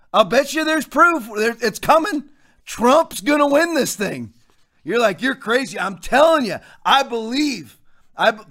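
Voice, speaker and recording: A man's voice: very high-pitched, a bit bright. A man hosting political commentary, ranting with fiery rhetorical questions. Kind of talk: impassioned commentary rant.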